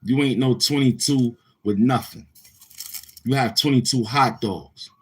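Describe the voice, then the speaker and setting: A man's voice: medium pitch, measured pace, slightly rough. A man hosting a livestream, chatting casually with viewers in a boastful, crude, repetitive manner. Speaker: livestream host.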